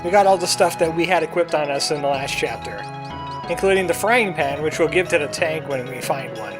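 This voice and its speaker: A man's voice: a little high, a little fast. A man casually commenting on a game he is playing as the channel's let's play host, chatty and joking, slipping into a cowboy voice now and then. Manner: chatty, jokey, puts on a cowboy voice. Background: faint game music.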